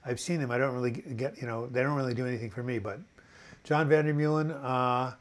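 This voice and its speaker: A man's voice: mid-range voice, fairly even intonation, fast talker. A man hosting a casual live chat, rambling and earnest as he reads out viewer comments and answers them with many fillers and restarts. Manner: encouraging, earnest.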